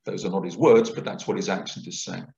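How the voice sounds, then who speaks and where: A man giving a public lecture, explaining things clearly in a lecturing manner. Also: sits low, steady tone, fast talker, darkish tone. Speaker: guest lecturer. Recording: roomy, dull lecture recording.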